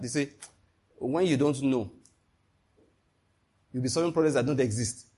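A man preaching a sermon, animated and emphatic, asking his listeners one rhetorical question after another. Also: medium pitch, moderate pace, pauses often, breathy edge.

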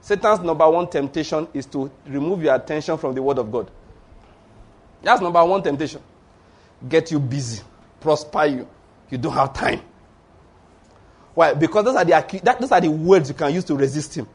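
This preacher's voice is fairly high, animated, and slightly breathy, moving at normal speed with long pauses. He urges his congregation on with emphasis, dropping in tags such as "oh" and weaving in lighthearted story asides.

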